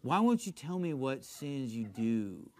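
A preacher mimicking a slow, pestering radio host. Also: male voice, mid-range voice, very animated, a little mellow, pitched below the performer's own voice. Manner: slow, insistent questioning.

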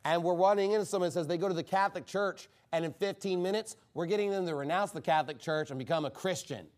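High-voiced man preaching a fiery sermon. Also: fast talker, darkish tone. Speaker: pastor.

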